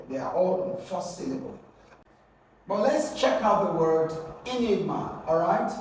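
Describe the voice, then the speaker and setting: Male teacher, high-ish voice, exam coaching, spells out letters and prompts "okay?"; distant mic in a very echoey room. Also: slight background noise. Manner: asks rhetorical questions, checks in with "okay?". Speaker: English teacher. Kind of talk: exam-prep lesson.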